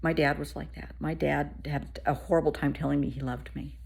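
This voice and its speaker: Animated woman storyteller, kinda breathy, chatty and earnest. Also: low voice, fairly quick. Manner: animated, warm-hearted storyteller. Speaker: therapist. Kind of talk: casual storytelling to camera.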